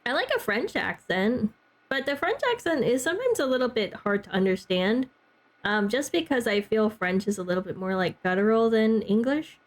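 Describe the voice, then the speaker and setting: A woman's voice: fairly high pitch, lively intonation, normal speed. A young woman streaming a game, chatting casually with her chat and peppering her talk with "like" and little laughs. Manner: chatty, heavy use of "like", frequent laughs.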